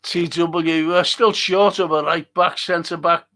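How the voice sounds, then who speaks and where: A man's voice: fairly high pitch, fairly even intonation, takes it slowly, bright, forceful tone. A man hosting a live fan show, reading viewer comments and ranting bluntly with plenty of swearing. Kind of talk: live-stream chat reading and rant.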